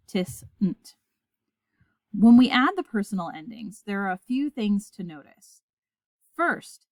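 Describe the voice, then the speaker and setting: A woman teaching a Latin grammar lesson in a clear, deliberate scripted narration, reciting word forms aloud for listeners to repeat. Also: medium pitch, no room sound.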